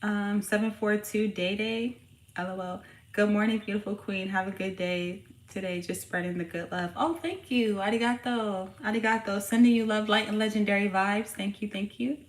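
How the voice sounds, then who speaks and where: A woman's voice: mid-range voice, fairly even intonation, normal speed. A woman hosting a casual tarot reading at home, talking in a slangy, profane, hyped-up way to her viewers. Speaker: tarot reader and channel host. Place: home room with her young son nearby. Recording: roomy echo with faint background noise.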